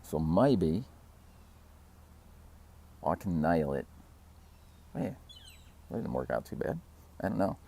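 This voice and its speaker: A man's voice: low voice, big pitch swings, slow, creaky, long pauses, mellow. A man hosting his own channel, talking casually and rambling, laughing at himself and acting out quotes. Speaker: fitness channel host. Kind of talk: casual talking-to-camera vlog.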